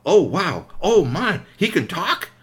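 A man voicing an excited young boy in a bedtime story, full of wide-eyed wonder. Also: high-pitched, a little fast, husky, voice pushed up, exaggerated voice. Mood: amazed.

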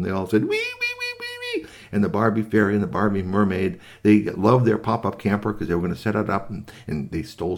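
A man telling a made-up bedtime story to children, gentle and animated, adding sound effects and voices. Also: deep voice, creaky.

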